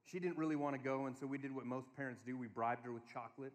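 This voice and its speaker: A man preaching to a conference crowd, telling family stories in an animated way and giving the room instructions. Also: mid-range voice, fast talker. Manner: storytelling, animated, quotes his kids in a small voice. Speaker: speaker. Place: large hall. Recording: long hall reverb.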